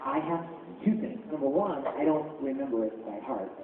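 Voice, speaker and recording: A man's voice: mid-range voice, moderate pace, crowd noise. A man answering fans' questions at a convention panel, playful and chatty. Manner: animated, playful, chatty with fans. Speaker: voice actor panel guest. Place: large convention panel hall. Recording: echoey hall from far off, tinny, noisy.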